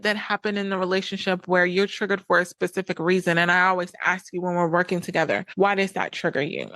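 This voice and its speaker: A woman's voice: medium pitch, fairly bright tone, dry recording. A woman podcast host and coach giving direct relationship advice in a blunt, emphatic monologue, repeating points for weight.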